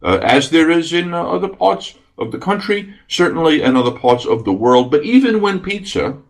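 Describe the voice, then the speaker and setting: A man's voice: fairly high pitch, big pitch swings, normal speed, vocal fry. A man hosting a radio podcast, chatting casually and enthusiastically, rambling with many fillers. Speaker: radio host. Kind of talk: casual solo podcast talk.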